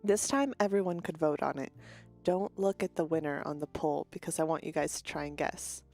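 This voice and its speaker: A woman with a slightly low voice chats casually with her stream viewers. She greets them one by one and drifts off her train of thought now and then. Faint music plays behind her. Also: brisk, creaky, a little mellow. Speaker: virtual streamer.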